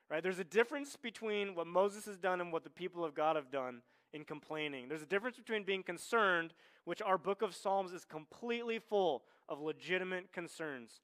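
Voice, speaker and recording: Male pastor, casual conversational sermon delivery, fairly high-pitched, voices the quoted characters. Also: normal speed, fairly bright tone. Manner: conversational, tags lines with "right?", acts out quoted voices.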